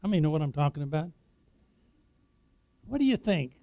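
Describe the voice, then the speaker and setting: A man preaching a sermon as pastor, emphatic, posing rhetorical questions to the congregation and swinging between loud declarations and quiet asides. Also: fairly high pitch, very animated, fairly quick.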